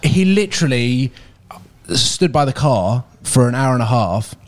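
A man's voice: medium pitch, animated, unhurried. A man chatting casually on a podcast, hesitant and full of ums. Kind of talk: casual car podcast chat.

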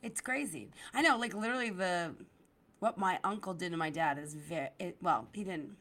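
A woman from the Philadelphia area, a comedian guesting on a podcast, telling stories in an animated way, swearing freely and filling her talk with "like" and "literally". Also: fairly low pitch, moderate pace. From Delaware County, Philadelphia area. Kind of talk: casual podcast chat.

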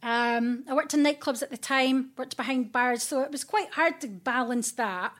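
A woman's voice: high voice, moderate pace, a bit bright. A woman with a Scottish accent, a podcast guest chatting casually and bluntly, with lots of swearing and slang. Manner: frank and sweary, with broad local slang. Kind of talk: casual chat.

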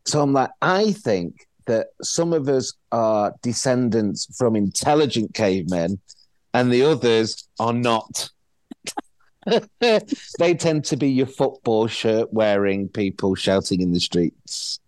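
This middle-aged actor guest talks slowly at medium pitch, with no room sound in the recording. Chatting casually, he spins anecdotes with animation, imitates the voices of those he quotes, and keeps restarting his lines.

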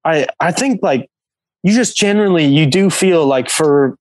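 A man's voice: on the high side, expressive, normal speed, dry recording, rough recording. A man from England, a professional hockey player guesting on a podcast, telling a story in a rambling way full of fillers. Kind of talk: casual storytelling.

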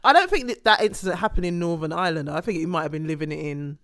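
A woman co-hosting a casual chat, laughing often and chiming in with quick asides. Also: on the low side, lively intonation, faint music behind. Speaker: podcast co-host.

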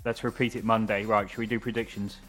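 A man's voice: on the low side, level tone, fast talker, fairly bright tone, faint music behind. A man co-hosting a casual football podcast who looks back on past matches in a fond, reflective way. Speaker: podcast co-host. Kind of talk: casual chat.

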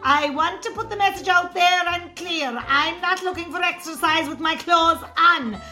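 A woman's voice: extremely high pitch, normal speed, bright, forceful tone, soft background music. A woman playing a blunt, exasperated rural Irish caller with a Cork accent, in a comedy sketch.

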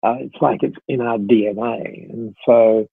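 A man's voice: medium pitch, steady tone, unhurried, creaky, husky, no echo. A middle-aged man telling a story as a podcast guest, chatty and full of fillers and restarts. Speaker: podcast guest, company founder. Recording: tinny phone-like line, dry.

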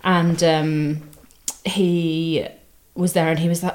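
A woman's voice: fairly low pitch, little pitch movement, a little fast, darkish tone. A young woman co-hosting a podcast, telling stories casually with lots of "like" and some swearing. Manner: chatty storyteller, swears, lots of "like". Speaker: podcast co-host. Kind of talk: casual chat.

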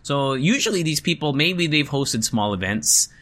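A man's voice: on the high side, expressive, moderate pace, a bit bright. A male event host chatting casually to his viewers, switching between English and Tagalog and swearing freely. He did not grow up in the Philippines, and Tagalog is not his first language. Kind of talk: casual chat to camera.

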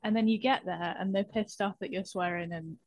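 Woman comedian chatting, laughs along, quick little replies, dry close mic. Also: medium pitch, steady tone, no echo. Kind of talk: casual chat.

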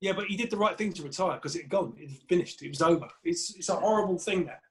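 A man with an Essex accent, a comedian telling lively stories in a casual podcast chat and acting out other people's voices. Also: sits high, fast talker. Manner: animated storyteller, acts out other people's voices. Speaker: guest, stand-up comedian.

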